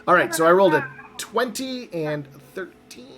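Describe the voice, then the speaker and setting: A man's voice: high-pitched, expressive, normal speed, a crowd in the background. A man running a tabletop roleplaying game as game master, upbeat and patient as he explains the rules step by step.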